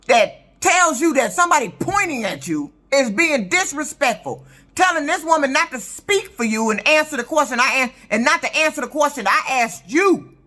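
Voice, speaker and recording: Fifties woman venting on her vlog, cussing, voice bright and a bit high, swings up and down a lot. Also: lively intonation, moderate pace. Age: 50s. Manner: indignant, profane, emphatic. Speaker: truck driver vlogger. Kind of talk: ranting storytelling vlog.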